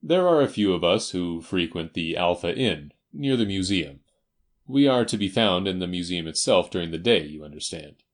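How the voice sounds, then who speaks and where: A man plays a down-at-heel, learned older gentleman in a storybook reading. He speaks in a low, slow, staccato way, choosing each word with care. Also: lively intonation. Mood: measured.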